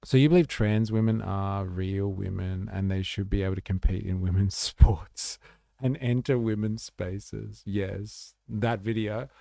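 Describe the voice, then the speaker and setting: Male streamer, low and gravelly, blunt and sweary, reading chat in a dry close-miked sound. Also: steady tone, unhurried, dark tone, dry recording. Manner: blunt, swears freely, chatty with many "like" fillers. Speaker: livestream host. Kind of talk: casual livestream chat, reading viewer comments.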